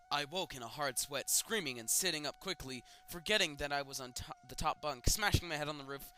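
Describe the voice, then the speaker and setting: A young man reading creepypastas aloud and mocking them with sarcastic comments and loud outbursts. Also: on the high side, normal speed, few pauses, smooth, soft background music. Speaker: creepypasta reader. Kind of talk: comedic dramatic reading with commentary.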